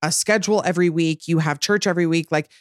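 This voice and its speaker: Podcast co-host, young woman, lowish voice, chatty, dry close sound. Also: quick pace, no room sound. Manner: chatty, animated, many "like" fillers. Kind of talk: casual chat.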